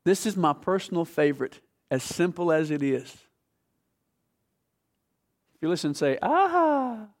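A man preaching a sermon with passion, talking to his audience and asking them questions, moving between hushed and loud delivery. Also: fairly high pitch, slow pace, pauses often. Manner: conversational, asks the audience questions.

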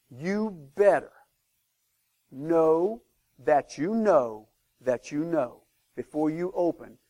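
An emphatic, fairly high-voiced preacher. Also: male voice. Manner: emphatic, swings between loud declarations and hushed asides. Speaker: pastor. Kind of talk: sermon.

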